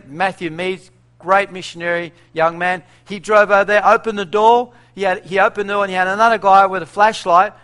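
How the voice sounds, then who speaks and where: A middle-aged man spins a lively missionary tale for an audience. His voice sits a little high, and he acts out the dialogue with frequent chuckles. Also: clean tone. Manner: animated storyteller, acts out dialogue, laughs often. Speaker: missionary speaker. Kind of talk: storytelling talk to an audience.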